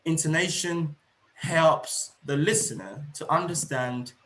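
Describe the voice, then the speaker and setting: A middle-aged man leads an online seminar for teachers. He explains each point, then restates it, often pausing on fillers. His voice sits a bit high and sounds roomy through a computer mic. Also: fairly bright tone. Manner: explanatory, repeats and rephrases points, frequent fillers. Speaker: teacher trainer presenting a webinar.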